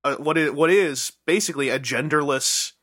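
Male podcast host, bright and eager, rambling casual chat, dry close sound. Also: a little high, normal speed, no room sound. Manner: enthusiastic, rambling with fillers.

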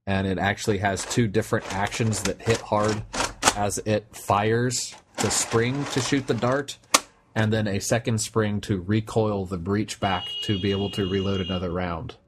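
A man's voice: on the low side, steady tone, normal speed, heavy background noise. A young man chatting casually on a podcast, rambling with many restarts and fillers. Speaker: podcast co-host. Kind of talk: casual chat.

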